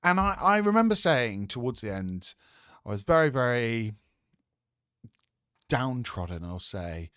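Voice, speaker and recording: A man hosting a casual live stream, talking excitably and rambling with stammered restarts. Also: mid-range voice, measured pace, pauses often, clear, resonant tone, no echo, clean studio sound. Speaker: host.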